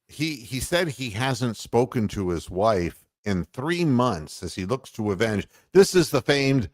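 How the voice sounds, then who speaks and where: A man's voice: medium pitch, very animated, measured pace, hardly any pauses, no room sound, clean studio sound. An older man hosting a casual sports radio show, rambling and profane, poking fun at himself. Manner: rambling, profane, self-mocking.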